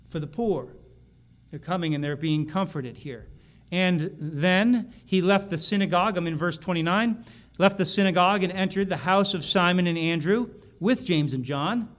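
Male pastor, high voice, teaching sermon, reads passages and explains them with some restarts. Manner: reads scripture aloud, then explains it with frequent restarts. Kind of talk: expository sermon.

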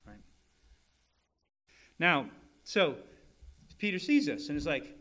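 A man's voice: fairly high pitch, expressive, unhurried, pushed and bright. A man preaching a sermon, teaching step by step and checking in with his listeners. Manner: restarts often, asks "right?" to the listeners, explains step by step. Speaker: pastor.

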